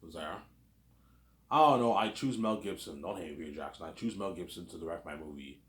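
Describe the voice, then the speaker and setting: Deep-voiced man rambling in a roomy space. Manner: rambling, repeats fillers and tags constantly. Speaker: host. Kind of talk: casual rambling commentary. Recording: roomy echo.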